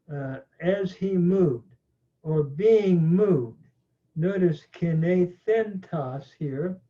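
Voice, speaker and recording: A man teaching a slow grammar lecture, pausing often with fillers. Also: fairly high pitch. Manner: slow, halting, many "uh" fillers. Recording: tinny phone-like audio.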